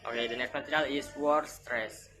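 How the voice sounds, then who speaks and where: A woman reading a phonetics lesson aloud, carefully and deliberately, repeating example words. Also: extremely low pitch, steady tone, noisy background. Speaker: student presenter.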